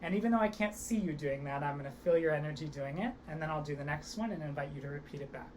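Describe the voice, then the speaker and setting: A young woman teaching an online theatre workshop, leading vocal and body warm-ups with upbeat encouragement. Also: sits low, fast, slight background noise. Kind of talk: online acting workshop instruction.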